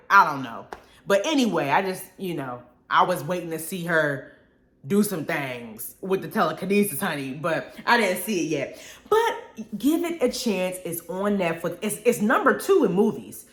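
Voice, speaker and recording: Woman host, lively swooping pitch, animated, laughs a lot, casual live chat, roomy echo. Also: moderate pace. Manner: animated, expressive, laughs often, drawls "honey" and "y'all". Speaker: radio show host. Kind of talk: casual live-stream chat reading viewer comments.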